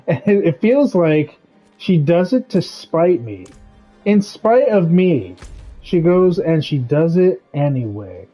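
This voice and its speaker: A man's voice: on the high side, mellow, husky, rough recording. Rambling man ranting over faint music. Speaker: streamer. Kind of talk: casual chat while gaming.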